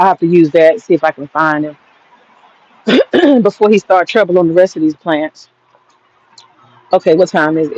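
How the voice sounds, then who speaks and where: A woman's voice: lowish voice, darkish tone, dull audio. A woman vlogger in her garden rants bluntly and profanely at her viewers. She rambles and speaks straight to them. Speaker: vlogger giving commentary. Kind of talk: casual rant to viewers. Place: outdoor garden.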